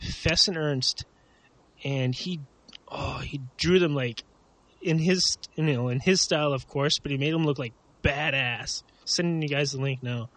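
A man's voice: fairly high pitch, a little slow, a bit bright, no room sound. A man co-hosting a casual podcast chat, rambling with lots of fillers and laughs. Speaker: podcast co-host.

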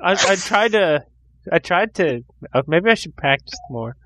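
A man's voice: sits high, expressive, a little slow, sharp tone. Rambling man podcast host. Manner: rambling, restarts often. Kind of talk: casual chat.

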